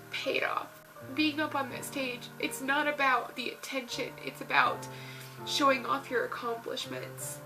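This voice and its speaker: A young woman vlogger tells her personal story earnestly, and her emotion shows through. Her voice sits a little high and carries a gravelly fry. Music plays clearly underneath her. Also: rough recording. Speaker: fitness vlogger.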